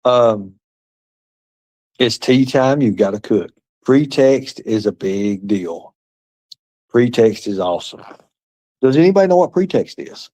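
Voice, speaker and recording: A man runs a livestream, rambling as he reads and answers chat, taunting commenters with profanity and muttered asides. His mid-range voice has a dark tone and lively intonation, going a little slow with long pauses.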